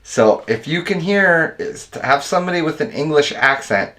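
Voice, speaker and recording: A man's voice: on the high side, expressive, moderate pace, bright, forceful tone. An American man hosting his channel, chatting loosely with viewers in a rambling, laid-back way, calling them dude and man. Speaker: video editor and channel host. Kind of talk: casual livestream chat with viewers.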